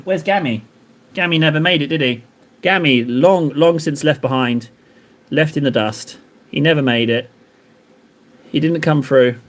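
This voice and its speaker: A man's voice: a little high, unhurried, pauses often. A man streaming while he paints miniatures, chatting and joking with his viewers in a rambling way. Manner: joking, rambling banter with chat.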